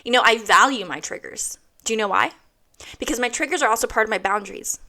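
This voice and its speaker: A woman in her thirties delivers a motivational monologue in a bright, forward voice. She is blunt and swears freely, driving each point home by repeating it. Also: a little high, fast talker. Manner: blunt, heavy swearing, emphatic repetition. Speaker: host.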